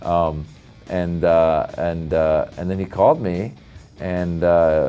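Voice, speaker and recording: A man who is a comedian, telling stories as an interview guest in an animated way, laughing and acting out quotes. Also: sits low, moderate pace, clean tone, faint music behind. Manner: animated storyteller, laughs often, acts out quotes.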